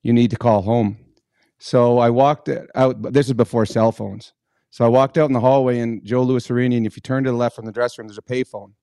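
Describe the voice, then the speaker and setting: A man who used to play pro hockey, co-hosting a radio show and calmly recounting a hard day from his career. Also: mid-range voice, quick pace, clean tone, no echo, studio quality. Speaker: co-host, former hockey player. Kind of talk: casual storytelling.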